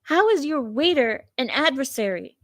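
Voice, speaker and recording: A woman talks straight into a close, dry mic, reacting to a clip with strong opinions. Her voice sits a bit high, and she hammers her points home with repetition and indignation. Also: expressive, moderate pace, no room sound. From not from the U.S. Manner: indignant, emphatic, repeats phrases.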